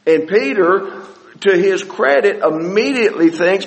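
A man with a notably high voice teaches a Bible study sermon. He often halts, repeating a word or two while he looks for the phrase. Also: animated, in a large hall, rough recording. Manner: halting, repeats words while searching. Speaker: preacher.

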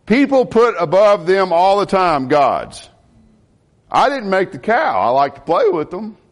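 Animated preacher man, lively pitch. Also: measured pace. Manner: animated, asks the congregation questions. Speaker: pastor. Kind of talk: sermon.

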